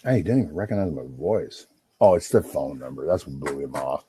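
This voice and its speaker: Middle-aged man, low dark husky voice, rambling and profane, dry sound. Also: lively intonation, brisk, dry recording. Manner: rambling, profane, talks over himself. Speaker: livestream host on a phone call. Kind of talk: rambling casual monologue.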